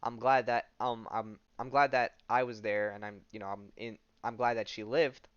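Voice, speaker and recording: A male podcast host recaps a comic in a rambling, self-correcting way. His voice is low and smooth. The recording is close and dry, with a slightly dull tone. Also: little pitch movement, normal speed, no room sound. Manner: rambling, lots of fillers and restarts.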